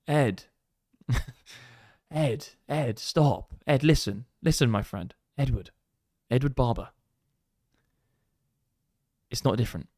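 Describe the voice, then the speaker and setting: A man's voice: medium pitch, a little slow, pauses often, no room sound, clean studio sound. A young man hosting a trading livestream, chatting casually and sweary while reading out viewer comments. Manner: brash, sweary banter with a running joke. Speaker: crypto trading livestream host.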